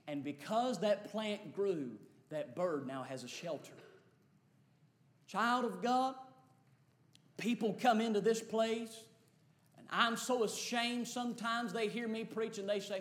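High-voiced pastor preaching hard, goes from whisper-soft to yelling, big echoey church. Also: male voice, big pitch swings, slow, pauses often. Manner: impassioned preacher, swings from hushed to shouting. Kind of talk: sermon. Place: church sanctuary.

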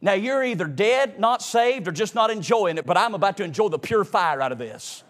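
A man preaching a sermon to a congregation, with a sing-song cadence that swings from loud shouts to hushed, almost whispered lines. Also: sits high, expressive, a little fast.

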